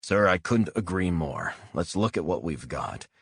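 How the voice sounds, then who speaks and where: A blunt, hot-headed male operative, voiced by a male narrator, forceful and profane in a low, husky voice. The reading is dry and close. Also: sing-song, measured pace, no room sound, heavily acted.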